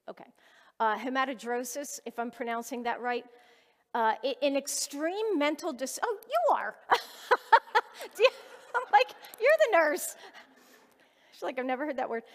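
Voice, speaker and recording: A woman with a high voice preaches from a personal story, earnest and conversational. Her words ring out with a long reverb, like a church hall. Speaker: lay preacher.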